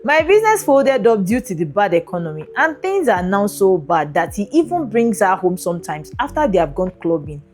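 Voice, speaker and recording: A woman podcast host who reads a listener's letter aloud and adds expressive comments, often laughing between passages. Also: mid-range voice, brisk, hardly any pauses, faint music behind.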